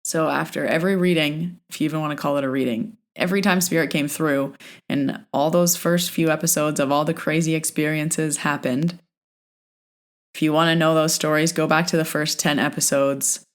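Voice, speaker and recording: A woman's voice: sits low, steady tone, moderate pace. A woman hosting her own podcast as a medium, telling stories in a chatty, casual way and often retelling exchanges with "like".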